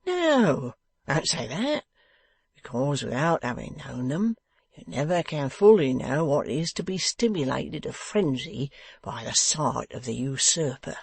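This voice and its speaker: A man's voice: on the high side, sing-song, a little slow, vocal fry, breathy edge, no room sound, full character voice. A man putting on a pompous, wheedling Wegg. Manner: grandiloquent, theatrical, oily affability. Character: scheming, wheedling one-legged male ballad-seller. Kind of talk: audiobook character voice.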